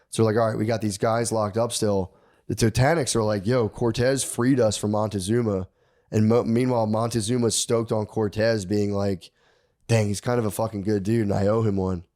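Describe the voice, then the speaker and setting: A man's voice: lowish voice, steady tone, normal speed, a little mellow. A man on a podcast telling a history story in casual, profane slang, acting out the characters' lines.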